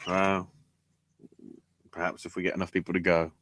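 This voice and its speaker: A man's voice: low-pitched, level tone, normal speed, fairly bright tone, a little hiss or hum. A man co-hosting a podcast, recapping wrestling shows with sarcasm and plenty of swearing. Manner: sarcastic, profane, mocking recaps. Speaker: podcast co-host. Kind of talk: casual podcast banter.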